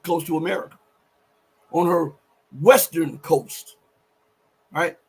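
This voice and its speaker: A man hosting a live political commentary show, talking emphatically and rambling through self-corrections, often rising to near-shouts. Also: fairly high pitch, fairly even intonation, slow pace, husky. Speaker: show host.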